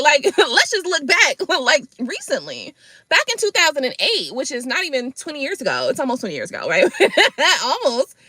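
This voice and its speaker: Woman tarot host, bright high voice, very lively delivery, swears and laughs a lot. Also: no echo. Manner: animated, profane, laughs often. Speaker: tarot reader and live stream host. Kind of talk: casual live-stream chat.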